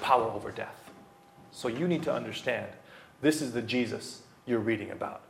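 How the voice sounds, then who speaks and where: Speaking a little fast in a gravelly, medium-pitched voice, a man in his thirties preaches an expository sermon verse by verse. He's emphatic and repetitive with key phrases, uses lots of fillers, and there's roomy hall echo plus slight background noise.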